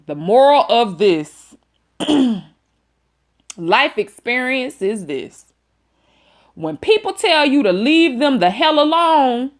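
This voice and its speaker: A woman telling a dramatic story to her viewers, emphatic and repeating lines for effect, with folksy exclamations. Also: mid-range voice. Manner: folksy terms of address, exclaims. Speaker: storytime vlogger.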